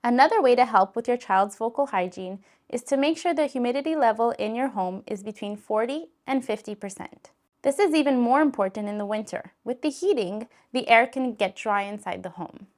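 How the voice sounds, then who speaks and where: A woman with a slightly raised pitch reads a scripted lesson. Her delivery is calm, clear and gently instructive, with steady pacing. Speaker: narrator of a voice-care video.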